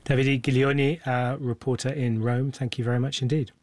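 A male news presenter speaking in a brisk, polished broadcast style. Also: medium pitch, flat delivery.

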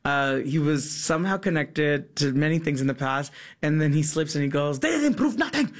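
A man's voice: fairly high pitch, fairly even intonation, moderate pace. A man, an actor in a stage show, chatting casually in an interview and acting out quotes in put-on voices.

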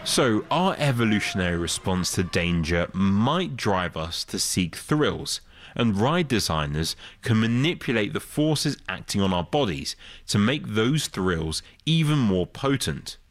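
A man giving scripted documentary narration as the presenter, with a lively, expressive delivery. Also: on the low side, unhurried, dry recording.

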